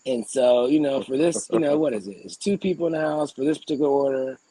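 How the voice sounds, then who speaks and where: Podcast co-host, young adult male, husky, profane and animated, dry close sound. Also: mid-range voice, quick pace, no room sound, low-quality recording. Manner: animated, profane ranting with frequent throat clearing. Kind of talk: casual podcast storytelling.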